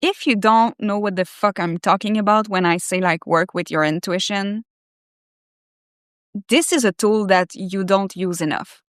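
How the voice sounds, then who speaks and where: A woman's voice: mid-range voice, measured pace, smooth, no room sound, studio quality. A woman hosting a live stream, reading her own article aloud and commenting on it in a candid, effusive, profanity-laced way. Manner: animated and effusive.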